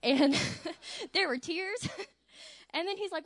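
A woman, a teacher, telling an energetic and animated church testimony about a mission trip. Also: extremely high pitch, measured pace.

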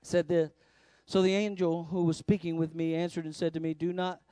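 High-voiced man preaching emphatically. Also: little pitch movement, moderate pace, smooth, no room sound, studio quality. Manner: emphatic preaching, swings from loud to hushed. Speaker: pastor. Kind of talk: sermon. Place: church service. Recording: faint music behind.

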